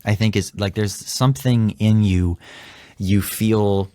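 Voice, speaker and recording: Man, podcast host, low voice, dry close mic, animated storytelling, from Canada. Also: slow pace, dry recording. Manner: animated, acts out quoted dialogue. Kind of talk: casual storytelling chat.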